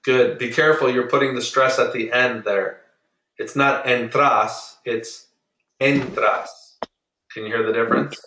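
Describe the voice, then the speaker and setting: A man teaching Spanish to a small group over a video call, patiently drilling and repeating words slowly. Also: mid-range voice, steady tone, sharp tone, reverberant, far from the mic, rough recording. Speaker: Spanish tutor. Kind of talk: online group lesson.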